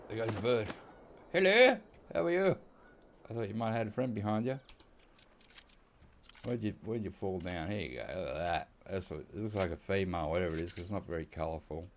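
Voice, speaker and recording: Speaking fast in a low, darkish voice, the Australian man, a gaming YouTuber, rattles off rambling anecdotes with laughter and quoted dialogue during a hunting game. The casual storytelling carries a little background hiss or hum.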